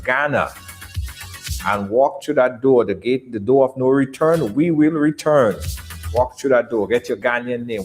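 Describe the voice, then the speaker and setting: A man hosting a live talk show, closing with energetic announcements and repeating details for viewers. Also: medium pitch. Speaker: show host. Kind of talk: live show sign-off and promo.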